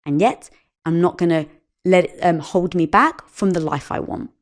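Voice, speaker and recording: A woman's voice: on the low side, normal speed. A middle-aged woman speaking as a guest in a conversational interview, telling stories animatedly and acting out the dialogue. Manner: animated storytelling, acts out quoted dialogue. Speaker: podcast guest.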